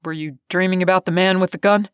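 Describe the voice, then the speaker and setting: A woman voicing a steady, guarded grown man on the run, speaking low, terse and firm in an audiobook. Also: fast talker, clear, resonant tone, no room sound, clean studio sound, lightly acted.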